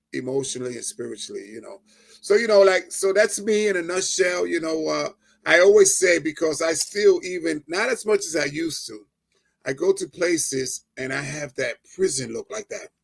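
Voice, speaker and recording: With a gravelly voice on the high side and a moderate pace, a middle-aged New Jersey man recounts his emotional experiences as an interview guest. He's lively, often laughing, and his volume climbs as excitement builds.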